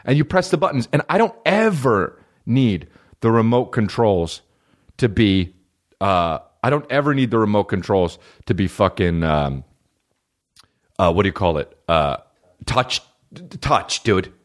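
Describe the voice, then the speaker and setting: Profane, animated man ranting on a podcast. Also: unhurried. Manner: profane, swings between loud high bursts and low mumbles. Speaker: podcast host. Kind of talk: solo comedic podcast rant.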